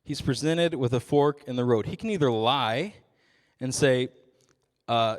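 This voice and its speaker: A man's voice: mid-range voice, unhurried, in a large hall. A young adult man giving a youth sermon as a ministry intern, casual and self-deprecating with frequent jokes.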